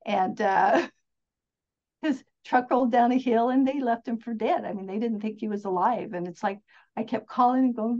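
A woman's voice: a little high, normal speed, darkish tone. An enthusiastic woman telling stories as a podcast guest, upbeat and rambling with restarts. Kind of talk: casual interview storytelling. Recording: dull lo-fi sound.

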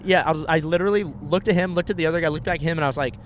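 A man's voice: a little high, racing, a little hiss or hum. A young man casually telling a story on a podcast, acting out the people he quotes and swearing freely.

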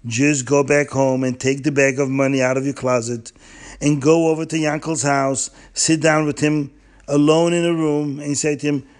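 A man's voice: on the high side, little pitch movement, moderate pace, close to an everyday voice. A man voicing a wise, holy old rabbi who earnestly instructs and reassures a traveler. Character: wise holy old male rabbi giving urgent counsel.

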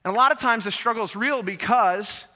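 Male pastor, high and bright-toned, lively conversational sermon, big reverberant church hall. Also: a little fast. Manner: energetic, conversational, many rhetorical questions to the congregation. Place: large church sanctuary.

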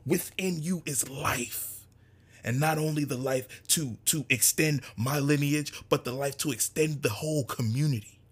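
A man with a fairly high, breathy-edged voice addresses his community in an impassioned monologue. He repeats himself fervently, alternating between loud emphasis and almost whispering.

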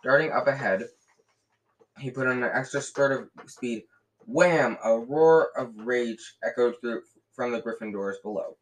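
Man, reading a novel aloud, lively, frequent slips and restarts, mid-pitched voice. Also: a little slow, low-quality recording. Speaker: reader.

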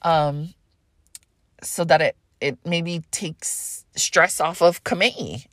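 Her voice is deep and slow, a bit bright, captured in a dry, clean studio recording. She's a podcast host with a light Hawaiian accent, rambling casually and frankly about astrology while swearing freely and laughing often.

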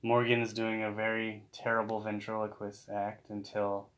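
A man's voice: completely flat delivery, moderate pace, a bit bright. Playful man in casual recap chat. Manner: playful, acts out scenes in a high mock voice. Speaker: podcast co-host.

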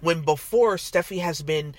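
A woman's voice: low voice, a little slow, no echo. Exasperated woman recapping soap drama. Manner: animated, exasperated ranting. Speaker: podcast co-host. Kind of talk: casual soap opera recap chat.

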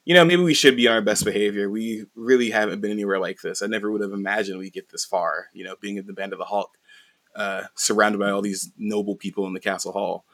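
A man's voice: fairly low pitch, fairly even intonation, quick pace, fairly bright tone. A man doing an earnest young mercenary.

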